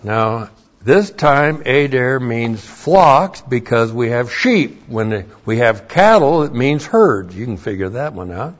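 A man teaching a verse-by-verse lecture on scripture, slow and methodical, spelling words out letter by letter, with blunt, emphatic asides. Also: medium pitch, expressive, muffled recording. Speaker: Bible teacher.

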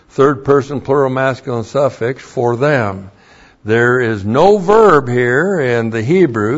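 A man teaching a verse-by-verse lecture on scripture, slow and methodical, spelling words out letter by letter, with blunt, emphatic asides. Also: mid-range voice, muffled recording. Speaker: Bible teacher.

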